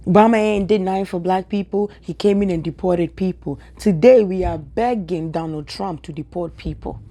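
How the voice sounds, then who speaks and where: A woman with a Ghanaian accent speaks straight to her viewers in an emphatic, repetitive rant. Her voice is mellow and warm, and she drives each point home by saying it again. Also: on the low side. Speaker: social media commentator. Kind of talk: direct-to-camera opinion rant.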